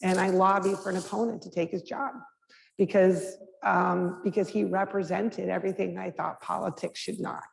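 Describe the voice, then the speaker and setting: A woman's voice: fairly low pitch, little pitch movement, moderate pace, vocal fry. A middle-aged woman, a mayor and guest speaker, answering audience questions frankly and conversationally, with frequent restarts and fillers. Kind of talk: candid Q&A answers at a public talk. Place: lecture hall. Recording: reverberant hall with faint background noise.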